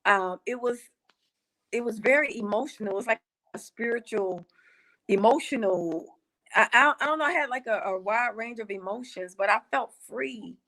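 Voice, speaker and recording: Woman, interview guest on a video call, emotional, halting delivery. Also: fairly high pitch, sharp tone, low-quality recording. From United States. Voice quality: emotional, halting with many restarts. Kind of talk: casual remote interview.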